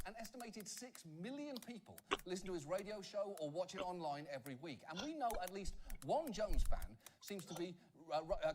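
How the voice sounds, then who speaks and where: A British man hosting a satirical news comedy show, delivering a sarcastic monologue full of quick jokes. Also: high voice, noisy background.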